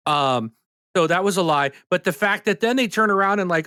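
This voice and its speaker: A man's voice: high-pitched, expressive, fairly quick, pushed and bright, clean tone, no echo. Indignant ranting man, dry sound. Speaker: podcast co-host. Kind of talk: casual chat.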